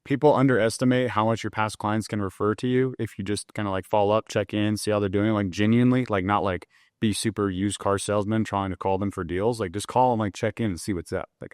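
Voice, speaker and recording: A man's voice: lowish voice, fairly even intonation, fast talker, a little mellow, clean tone, dry recording, studio quality. A young man, a loan officer, talking loosely and candidly in an interview, with plenty of filler words. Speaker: mortgage loan officer, podcast guest. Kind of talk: casual conversational interview.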